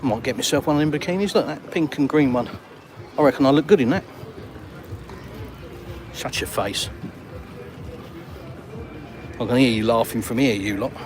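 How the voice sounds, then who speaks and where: Cheeky English bloke on a stroll. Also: male voice, medium pitch, moderate pace, pauses often, noisy background. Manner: cheeky, bantering, slangy. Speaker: vlogger. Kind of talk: casual walk-and-talk vlog. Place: outdoors on an urban seafront street.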